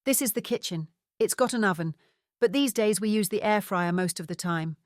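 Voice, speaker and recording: A man's voice: sits high, normal speed, no room sound, studio quality, close to an everyday voice. A woman doing a hearty Scottish dad in his seventies. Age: 70s. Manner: cheerful, hearty. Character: big older Scottish father, jovial.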